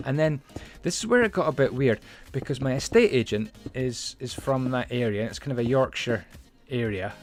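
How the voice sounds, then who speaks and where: Chatty man narrating a building game. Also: medium pitch. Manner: rambling, chatty, many fillers and asides. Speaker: Minecraft building channel host. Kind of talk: casual building commentary and storytelling.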